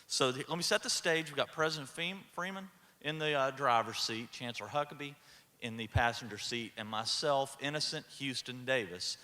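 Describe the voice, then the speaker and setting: Male keynote speaker, folksy humor, bright tone, echoey hall, podium mic. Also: mid-range voice. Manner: folksy storytelling with dry humor. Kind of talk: humorous commencement speech. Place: large ceremony hall.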